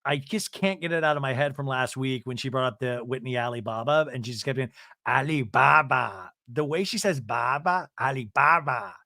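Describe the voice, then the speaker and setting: A man's voice: medium pitch, fairly quick, hardly any pauses, fairly bright tone, no echo, clean studio sound. A man hosting a comedy podcast, recapping a reality show and mimicking the cast in exaggerated voices. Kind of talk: comedic recap with mock quotes.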